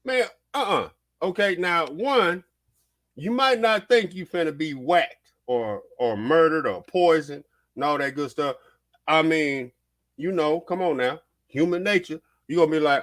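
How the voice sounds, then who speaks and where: A man's voice: fairly high pitch, a little slow. A man hosting a vlog, giving casual, heated reaction commentary, repeating himself and swearing as he riffs. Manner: animated, repetitive, swearing, heated. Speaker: vlog host.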